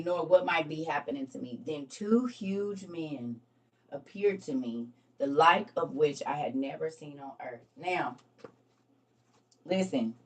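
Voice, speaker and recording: A woman's voice: low voice, lively intonation, a little slow, distant mic. Chatty woman reading aloud on a stream. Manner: chatty, addresses viewers directly, laughs at own slips. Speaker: live-stream host. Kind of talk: casual live-stream scripture reading and discussion.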